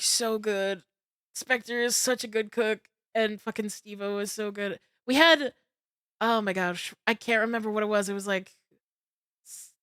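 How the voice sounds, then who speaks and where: A young woman streamer telling a story in casual chat, excitable and swearing freely. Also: mid-range voice, clear, resonant tone, dry recording, clean studio sound.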